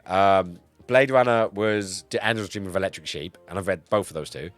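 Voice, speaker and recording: A man streaming live in casual chat, a bit tipsy, excitable and swearing, swinging between loud outbursts and low mumbles. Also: moderate pace, faint music behind. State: tipsy from cider.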